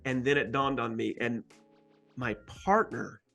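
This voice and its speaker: A man telling an emphatic, animated story as a guest in an interview, with frequent asides to the host. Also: medium pitch, a little slow, gravelly, faint music behind. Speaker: guest real estate agent.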